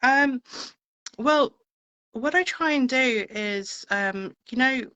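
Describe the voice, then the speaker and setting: A woman's voice: on the high side, takes it slowly, bright, forceful tone, clean tone, no echo, lo-fi sound. A woman singer being interviewed, chatting in a rambling way with plenty of fillers. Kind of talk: casual interview chat.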